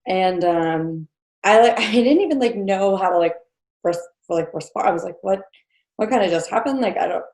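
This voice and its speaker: An animated New Jersey woman in her thirties, medium-pitched and a little mellow, tells a personal story at a moderate pace as a podcast guest. She keeps it chatty with many fillers and small laughs, and there's echo in the room.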